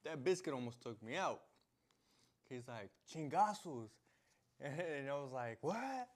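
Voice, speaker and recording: A man's voice: medium pitch, moderate pace. A young man, a vlogger, telling a story in a casual, slangy way, laughing and acting out the scenes. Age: young adult.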